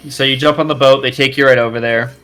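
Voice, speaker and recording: A man with a bright, forward voice runs a tabletop game as game master. He describes the scene in a loose, rambling way, often stopping to correct himself and start a sentence over. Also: mid-range voice, fairly even intonation, fast.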